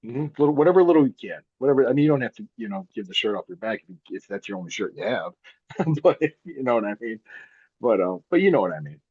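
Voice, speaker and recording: A man's voice: medium pitch, very animated, quick pace, darkish tone, breathy edge, no room sound, dull audio. A man, a wrestler guest chatting casually, rambling and repeating himself with frequent laughs. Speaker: guest, pro wrestler and podcaster. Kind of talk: casual interview chat.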